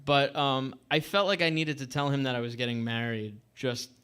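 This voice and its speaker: A man in his thirties from Staten Island spins a loose, rambling story on a casual podcast. His voice sits at a middling pitch, and he chuckles here and there as the anecdote wanders along. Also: moderate pace, a bit bright, clear, resonant tone. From Staten Island, New York. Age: 30s. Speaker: podcast co-host. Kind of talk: casual chat.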